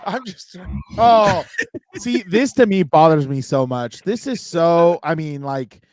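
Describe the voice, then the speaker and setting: A man's voice: fairly high pitch, takes it slowly, darkish tone. A man co-hosting a casual sports chat, opinionated and ranting about overrated athletes. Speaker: sports show co-host.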